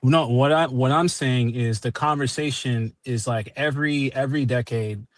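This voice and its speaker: Male remote debate guest, halting with frequent restarts, dry close sound. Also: medium pitch, dry recording. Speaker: guest on the call. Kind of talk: heated podcast debate.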